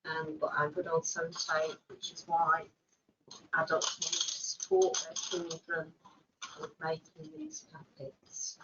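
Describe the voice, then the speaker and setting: Slow, lively-voiced woman teaching. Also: deep voice, highs cut off, heavy background noise. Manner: gentle, animated, with playful voices. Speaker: early years practitioner. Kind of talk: instructional demonstration.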